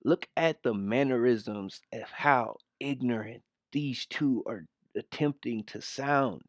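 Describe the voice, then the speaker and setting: A man's voice: mid-range voice, slow pace, hardly any pauses, no room sound. A man talks through a clip in a mocking, scornful tone, stopping it to pick it apart. His voice is dry and close, with no room sound. He is casual and cutting. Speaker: commentary host. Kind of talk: reaction commentary on a clip.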